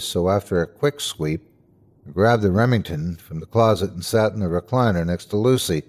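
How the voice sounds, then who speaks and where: A man hosting and narrating a scripted horror story with a measured, suspenseful delivery. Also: on the low side, darkish tone. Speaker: host and narrator.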